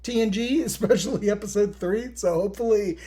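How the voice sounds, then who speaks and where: A man hosting a podcast recaps a TV episode fairly quickly in a high-pitched voice. He's animated and profane, performing scenes in casual talk.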